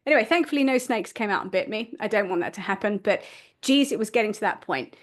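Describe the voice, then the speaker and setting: A woman's voice: mid-range voice, animated, fast talker. A woman podcast host telling a story in a self-deprecating way, laughing at herself. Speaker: podcast host and family constellations facilitator. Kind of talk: storytelling monologue.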